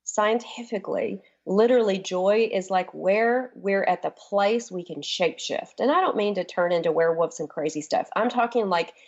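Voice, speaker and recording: An enthusiastic woman coach talks in a casual radio interview, her voice at a middle pitch. She rushes ahead in bursts, then stretches out key words. The sound is dull and lo-fi. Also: a little mellow. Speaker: guest, transformation coach.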